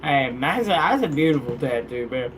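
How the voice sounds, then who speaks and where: A man's voice: mid-range voice, sing-song, fairly quick, a little hiss or hum. A young man hosting a casual livestream, laid-back and slangy, joking and laughing often. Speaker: livestream host.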